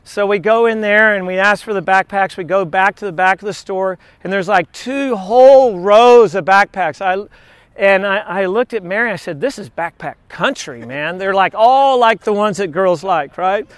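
A man's voice: high-pitched, normal speed, smooth, no room sound. A male pastor giving a casual, anecdotal sermon at an outdoor beach church, chatting with frequent asides to the congregation.

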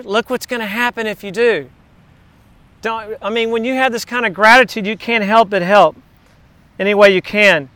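A man's voice: high voice, fairly bright tone, smooth, no echo. A man preaching a sermon in a conversational way, telling stories and asking rhetorical questions. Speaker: pastor.

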